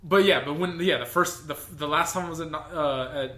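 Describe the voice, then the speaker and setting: A man's voice: a little high, brisk, sharp tone, reverberant, slight background noise. A man co-hosting a podcast in casual chat, rambling with restarts and fillers. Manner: rambling, many restarts and fillers, laughs easily. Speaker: podcast co-host.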